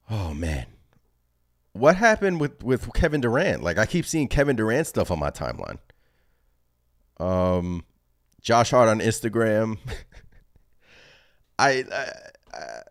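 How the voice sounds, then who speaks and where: Male fan-channel host, very low voice, excitable and rambling, live reaction stream. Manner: excited, rambling, thinks aloud.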